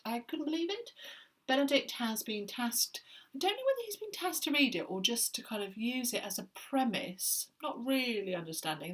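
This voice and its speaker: A woman's voice: medium pitch, a bit bright, husky, recorded from a distance. A middle-aged woman talks in a chatty, self-mocking way, drifting into playful asides. Her voice is slightly chesty and catches now and then. She sits a little back from the mic. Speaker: book vlogger. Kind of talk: casual chat to camera.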